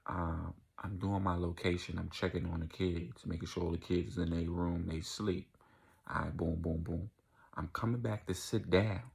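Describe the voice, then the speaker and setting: Gravelly young man telling a wild story. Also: sits low, moderate pace. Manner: animated storytelling, acting out quoted voices. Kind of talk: casual storytime vlog.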